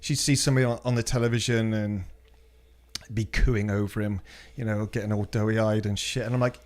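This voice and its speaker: A man's voice: fairly low pitch, fairly even intonation, a little fast, a little mellow. A man with a British accent chatting casually on a podcast, blunt and sweary, telling stories from his own life.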